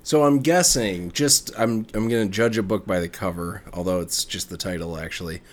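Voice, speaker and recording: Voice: low-pitched, normal speed. A podcast co-host in casual chat, playful and jokey, often laughing.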